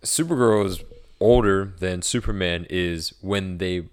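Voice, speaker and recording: A man's voice: low voice, unhurried, a little mellow, smooth. A man co-hosting a podcast in casual chat, explaining his points patiently and laughing often. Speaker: podcast co-host.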